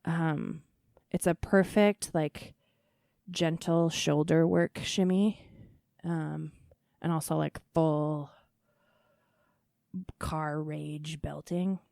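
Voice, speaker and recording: A woman's voice: low voice, steady tone, drawn-out words, gravelly, long pauses, darkish tone, dry recording, clean studio sound. A woman in her thirties hosting a casual chat, laughing often and using lots of fillers. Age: 30s. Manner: laughing, chatty, self-deprecating with lots of fillers. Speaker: podcast host.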